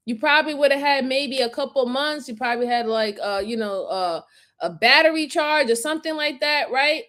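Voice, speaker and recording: A woman's voice: sits high, moderate pace. A woman hosting a crime commentary stream, emphatically lecturing and repeating her points, and laughing along with her chat. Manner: breaks into loud laughter with chat. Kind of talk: live-stream reaction commentary.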